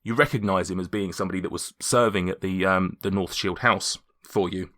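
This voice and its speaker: A man narrating as game master of a tabletop game, halting, with many restarts. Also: deep voice, fairly even intonation, sharp tone.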